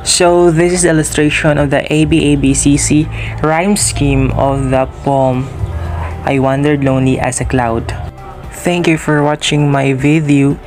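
A young man speaks in a slightly high voice, slowly and evenly, barely moving in pitch. He sounds like a student reading a class presentation with care. Faint music plays behind him. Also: steady tone, darkish tone. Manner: slow, careful and read-out.

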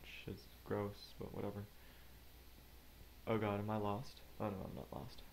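A man giving casual let's play commentary, rambling and talking to himself with quick asides. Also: fairly low pitch, completely flat delivery, gravelly, slight background noise. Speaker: gamer narrating gameplay.

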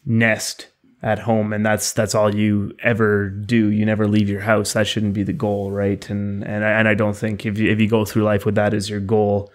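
Male podcast co-host, lowish monotone, reflective and unhurried. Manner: thoughtful, reflective. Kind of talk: casual discussion of a poem.

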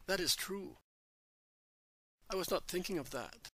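A man's voice: high-pitched, measured pace, sharp tone, dry recording, full character voice. A man voicing a devoted young woman in a storybook reading, speaking earnestly.

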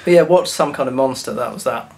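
A man's voice: medium pitch, fast talker, creaky. A man co-hosting a casual chat vlog, throwing in dry, sarcastic asides. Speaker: vlog co-host.

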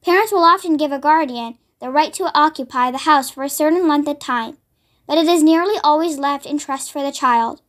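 A woman voicing a gentle, kind young woman teacher in a storybook, soft-spoken. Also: high voice, a little fast, natural voice. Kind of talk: read-aloud storybook acting.

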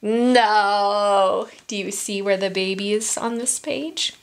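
A woman's voice: medium pitch, slow pace. A woman reading a picture book aloud to young children at story time. She speaks in a sing-song way, asks the children questions and drops into whispers for asides.

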